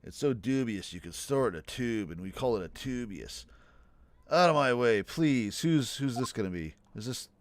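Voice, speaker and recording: A man's voice: mid-range voice, lively intonation, normal speed, slight background noise. A man streaming a game, casually commenting and thinking aloud in a joking, self-deprecating way. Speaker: let's play streamer.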